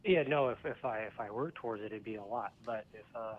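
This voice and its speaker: A man's voice: lowish voice, fast talker. A man answering a call, hesitant and awkward, with lots of fillers. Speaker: person on a phone call. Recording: muffled phone line.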